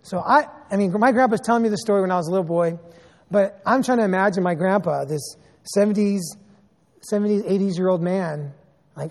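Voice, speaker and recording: A man in his thirties preaching a sermon as a pastor, telling stories in an animated way with sarcastic asides. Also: sits high, fairly quick, in a large hall.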